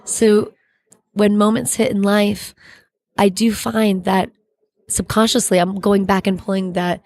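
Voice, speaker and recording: A middle-aged woman, an actress being interviewed, giving an earnest, halting faith testimony and searching for her words. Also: mid-range voice, little pitch movement, a little mellow.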